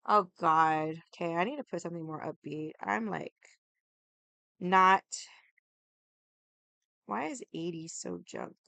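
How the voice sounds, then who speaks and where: A young woman livestreaming in casual chat, hoarse from yelling and rambling with lots of "like". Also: lowish voice, slow, pauses often, no room sound. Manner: rambling, heavy use of "like".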